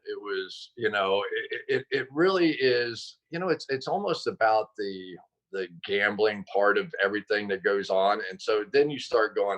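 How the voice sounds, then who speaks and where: Casting: man, low-pitched, bright timbre, animated self-deprecating storyteller on a video call. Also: normal speed, highs cut off. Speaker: guest, former football player and broadcaster. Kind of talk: interview over video call.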